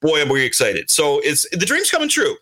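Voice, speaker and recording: Brief: animated male podcast regular, bright tone, swooping pitch, fond of quick put-on voices. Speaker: show regular, comic publisher. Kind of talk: casual podcast chat.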